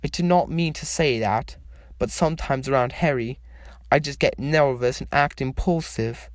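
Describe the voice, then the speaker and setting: A man reading fan fiction aloud as a storyteller, in a slow, measured way. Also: medium pitch, no room sound, clean studio sound.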